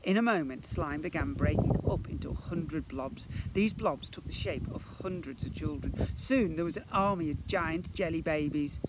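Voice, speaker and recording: A man, a primary school teacher, reading a children's book aloud in an expressive way. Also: fairly high pitch, moderate pace, few pauses, heavy background noise. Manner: animated, expressive storyteller.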